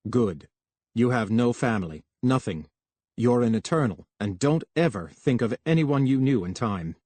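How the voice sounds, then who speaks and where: A man voicing a curt, quick-tempered young technician. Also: mid-range voice, lively intonation, no echo, lightly acted. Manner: curt, sharp, bitter.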